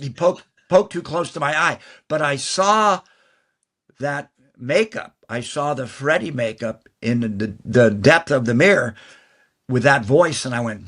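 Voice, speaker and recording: An older man, a guest actor, telling long stories in an interview, talking fast and restarting phrases as he goes. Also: mid-range voice, animated, a bit bright. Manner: fast, rambling talker who restarts mid-phrase. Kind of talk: anecdotal interview storytelling.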